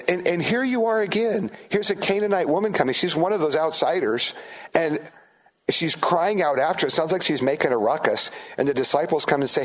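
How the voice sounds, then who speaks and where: A middle-aged man preaching a sermon as pastor, in a conversational, animated way, with frequent restarts and asides to the congregation. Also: on the high side, a little fast. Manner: conversational, animated, acts out disciples' voices.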